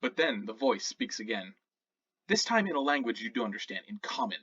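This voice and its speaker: A man narrating as game master of a tabletop game, dramatic, moving between loud and hushed. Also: mid-range voice, big pitch swings, brisk, husky, recorded from a distance, highs cut off.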